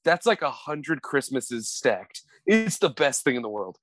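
With no room sound behind him, this young adult male podcast co-host talks at a measured pace in a medium-pitched voice. He tells funny stories in relaxed conversation, laughing a lot and performing quoted voices with animation.

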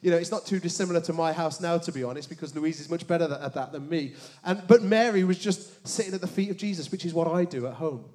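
A man preaching a sermon, animated, with joking asides and dramatic hushed emphasis on key words. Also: a little high, fast, few pauses. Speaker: pastor.

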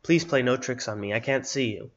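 A man voicing a blind, coughing old hermit with a raspy, muttering voice. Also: medium pitch, brisk, lo-fi sound, lightly acted. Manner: muttering, wheezy.

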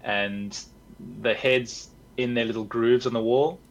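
A man's voice: medium pitch, fairly even intonation, unhurried, lo-fi sound. A man narrating as game master, describing scenes in a casual, rambling way.

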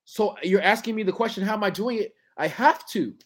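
A man, a musician, talking in a casual podcast chat, emphatic and animated, often acting out quoted voices. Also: high voice, a little fast. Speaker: guest musician.

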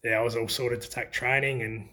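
A middle-aged Australian man spins old football yarns in a loose, chatty interview. He keeps breaking into laughter as the stories unfold, his voice sitting at an everyday middle pitch. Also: little pitch movement, fairly quick, sharp tone, a little hiss or hum. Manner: laughs often while telling stories. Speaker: former country footballer. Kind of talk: casual storytelling interview.

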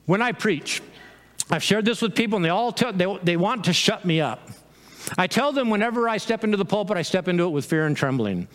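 A man preaching a sermon as pastor, animated, with laughs and quick quoted asides. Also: high-pitched, big-room sound.

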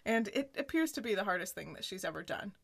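A woman co-hosting a podcast, casually recapping a sitcom episode in an animated way, with lots of "like" and laughter. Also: medium pitch, fast, creaky. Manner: animated retelling, full of "like" and laughter. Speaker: podcast co-host.

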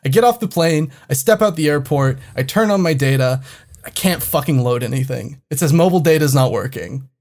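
A man telling a travel story in casual chat, animated and swearing often. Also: mid-range voice, fairly quick.

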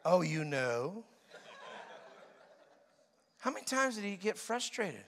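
A man preaching a sermon in an animated, joking way, acting out voices with sudden loud outbursts. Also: high-pitched, takes it slowly. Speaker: pastor.

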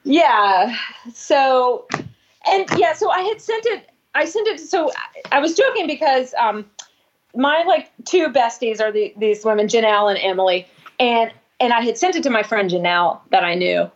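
A woman musician telling stories in a casual interview, rambling and swearing, acting out quotes in a higher voice. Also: animated, normal speed, highs cut off. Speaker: musician guest.

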